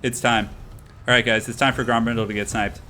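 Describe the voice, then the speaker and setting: A young man streaming a strategy game, commentating in a chatty, excitable, slangy way, tired and a little out of breath. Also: medium pitch, a little fast. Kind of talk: casual live-stream commentary.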